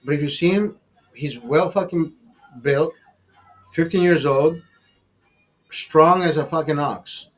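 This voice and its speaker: A man hosting a casual podcast, telling a long profane story in a rambling, animated way. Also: fairly high pitch, takes it slowly, long pauses, faint music behind. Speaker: podcast host.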